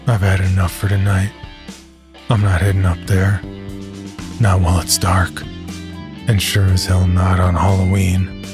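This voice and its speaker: Low, even-toned male narrator for a creepy first-person tale; grim and measured, over a music bed.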